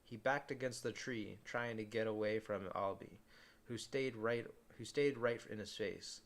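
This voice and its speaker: A man's voice: fairly low pitch, fairly even intonation, unhurried. A man reading a novel aloud in a casual way, often stumbling and restarting words.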